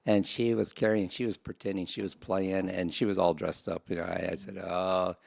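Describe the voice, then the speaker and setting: A man with a very low, gravelly voice rambles through a story on a podcast, halting and restarting often. He is recorded close and dry. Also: flat delivery, a little mellow, no echo. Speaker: podcast co-host. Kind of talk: casual chat.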